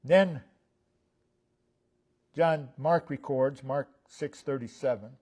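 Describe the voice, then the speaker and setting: A man preaching a sermon as pastor, stressing single words and swinging between loud and soft. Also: fairly high pitch, animated, slow, pauses often. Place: church sanctuary.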